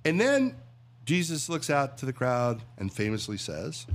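Animated joke-telling radio man. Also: medium pitch, measured pace. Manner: animated, tells jokes with acted voices. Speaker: radio host and voiceover talent, guest. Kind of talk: casual chat and joke-telling.

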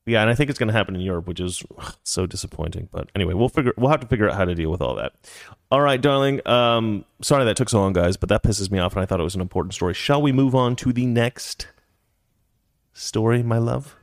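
A man's voice: on the low side, lively intonation, fast, creaky, dry recording, clean studio sound. A man co-hosting a casual talk show, reading news stories aloud and commenting in a sarcastic, heated, mock-serious way.

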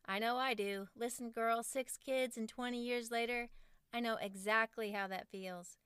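A woman in her forties with a fairly high, smooth and resonant voice reads from her own parenting book on her podcast. Her delivery is wry and self-mocking. The sound is close and dry. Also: fairly even intonation, normal speed, a bit bright, dry recording. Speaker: podcast host and author.

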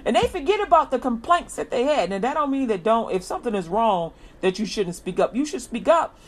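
A woman with a fairly high voice speaks fairly quickly, giving an informal, inspirational sermon in colloquial language. She repeats an upbeat slogan again and again and acts out lively quoted greetings.

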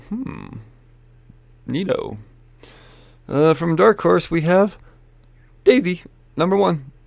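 A man's voice: a little high, gravelly, dry recording. A man casually running through the week's new comic books, rambling, joking and swearing as he goes. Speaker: comic book shop owner reviewing weekly releases. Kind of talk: casual solo chat about new releases.

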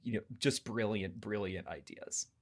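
Speaker with lively, mock-grand delivery. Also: sits low, moderate pace. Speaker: podcast co-host. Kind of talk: casual chat about a video game.

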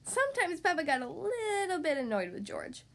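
A woman hosting a podcast, reading a children's story aloud in a cheerful, expressive way. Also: very high voice, normal speed, creaky.

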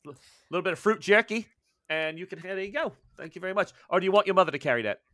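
A man's voice: high voice, rapid-fire, bright, forceful tone, no echo, studio quality, pitched above the performer's own voice. A man voicing a fussy, chatty male shopkeeper in a tabletop game. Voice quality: eager, fussy about details.

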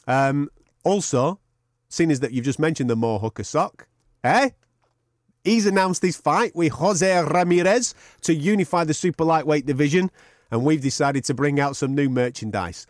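A man's voice: a little high, normal speed, no room sound, clean studio sound. A man co-hosting a podcast in casual, sweary banter, often laughing. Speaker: podcast co-host.

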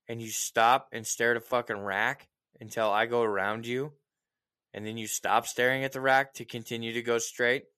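A man in casual chat telling a story as a profane, animated rant, with mocking asides. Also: medium pitch, smooth.

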